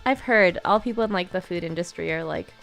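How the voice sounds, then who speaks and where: Giggly woman telling a story, low-ish voice. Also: brisk, gravelly, fairly bright tone, faint music behind. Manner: giggly, laughs through her storytelling. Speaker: co-host, married to the other host. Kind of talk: casual chat.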